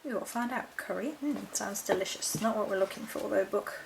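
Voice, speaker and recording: A chatty woman vlogger talks casually as she works through a haul of supplies. She rambles, corrects herself and reads short notes aloud from a book, at an ordinary middle pitch, with a faint hiss behind her. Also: fairly quick, creaky, low-quality recording. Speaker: witchcraft vlogger. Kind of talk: casual chat showing a haul.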